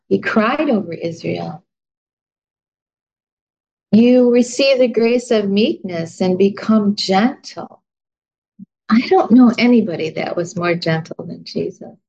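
Woman Bible study leader, unhurried and folksy, gravelly voice, dull lo-fi recording. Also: medium pitch, a little mellow. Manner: chatty, laughs at herself, searches notes aloud. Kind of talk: informal Bible lesson.

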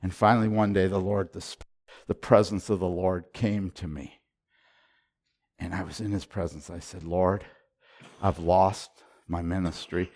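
A middle-aged man preaching a sermon as a pastor, retelling his prayers and moving between hushed and loud delivery, often repeating and restarting his words. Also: low-pitched, normal speed. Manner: repetitive restarts and stammers when excited. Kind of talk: sermon storytelling.

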